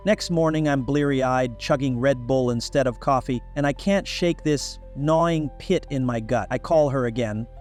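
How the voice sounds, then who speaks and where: A man's voice: medium pitch, moderate pace, few pauses, faint music behind. A young man narrating a first-person story in a casual, wry, conversational way.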